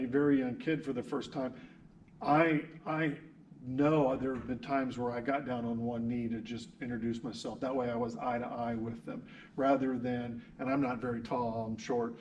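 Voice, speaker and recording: A man's voice: mid-range voice, a little mellow, recorded from a distance, lo-fi sound, a little hiss or hum. A man teaching a class through video, interviewing social workers in a friendly, teasing way.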